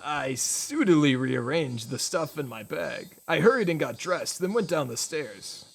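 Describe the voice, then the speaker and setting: A man's voice: on the high side, lively intonation, measured pace, vocal fry, a bit bright, husky. A man reading a visual novel aloud to friends, laughing and swearing between lines. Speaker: reader voicing a visual novel.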